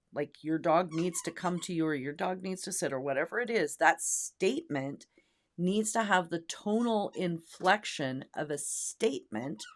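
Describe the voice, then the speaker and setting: A woman co-hosting a casual talk show about dog training, speaking emphatically and demonstrating tones of voice. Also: on the low side. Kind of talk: casual podcast chat.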